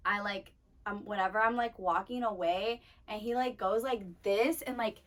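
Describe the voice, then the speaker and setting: A woman's voice: medium pitch, steady tone, moderate pace, fairly bright tone. A woman in her twenties co-hosting a podcast, telling blunt, profane stories in casual chat, full of "like". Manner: blunt, profane storytelling, heavy filler "like". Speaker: podcast co-host.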